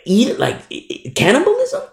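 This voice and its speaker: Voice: high-pitched, huge pitch swings, normal speed, creaky, reverberant, pitched above the performer's own voice, heavily acted. A preacher voicing confused, scoffing doubters who talk in an incredulous, stammering way.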